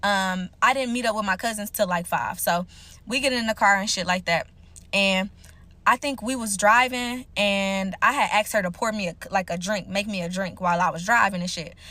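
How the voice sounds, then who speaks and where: A young woman telling a casual storytime to her viewers, animated and slangy, with frequent profanity. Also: mid-range voice, normal speed.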